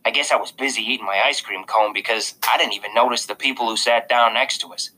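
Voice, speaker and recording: A man's voice: medium pitch, steady tone, fast, bright, forceful tone, poor audio. A man reading a first-person audiobook narration in a casual, confiding way.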